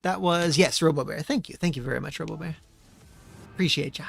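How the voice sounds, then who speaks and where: Man, streamer, casual gameplay commentary, chatty, frequent swearing, slightly high pitch. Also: brisk, gravelly, a bit bright, breathy edge, no echo. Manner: mutters to himself, swears often, chatty.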